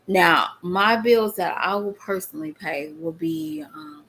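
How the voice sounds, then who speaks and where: A woman's voice: mid-range voice, unhurried, hardly any pauses, fairly bright tone, slight background noise. A middle-aged woman chatting casually to her viewers, often laughing and calling them y'all. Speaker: vlogger.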